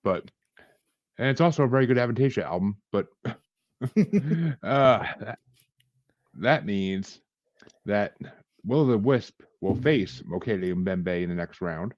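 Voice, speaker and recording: Guy hosting a chill podcast, kinda low voice, restarts his sentences, dull dry audio. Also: animated, slow, pauses often, a little mellow, no echo. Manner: laughs often, restarts sentences, says "freaking". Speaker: podcast host. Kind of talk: casual podcast chat.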